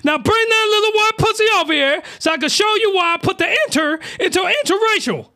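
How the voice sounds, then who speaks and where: A man raising his voice to play a brash, swaggering female bounty hunter who talks loudly. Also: very high voice, lively intonation, a little fast, pitched above the performer's own voice, exaggerated voice.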